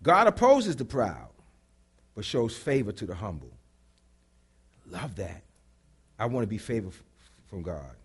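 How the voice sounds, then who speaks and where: A pastor preaching with call-and-response, animated and bursting into shouts. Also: male voice, on the low side, measured pace, pauses often, breathy edge. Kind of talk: sermon.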